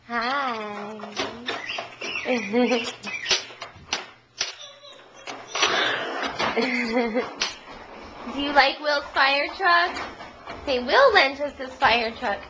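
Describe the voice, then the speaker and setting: Woman, home camcorder, slow lilting baby talk, noisy audio. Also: high voice. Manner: sing-song baby talk with frequent laughs. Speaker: parent filming her toddler. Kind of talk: home video chat with a toddler. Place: living room at home. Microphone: handheld camcorder.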